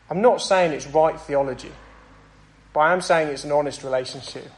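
A young man preaching a sermon and praying, earnest and conversational, with pauses and small restarts. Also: on the high side, poor audio. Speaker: pastor. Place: church.

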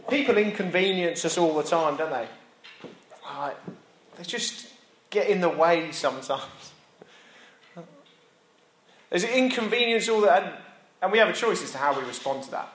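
British male pastor, conversational sermon delivery, lightly raised pitch, reverberant church room. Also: animated, moderate pace, pauses often, a bit bright, a little hiss or hum. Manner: conversational preaching with asides and self-mocking laughs.

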